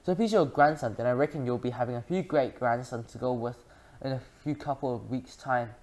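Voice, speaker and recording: A reader voicing a friendly, rambling old taxi driver who talks in a low, easy voice. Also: brisk, a little mellow, close to an everyday voice. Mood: chatty.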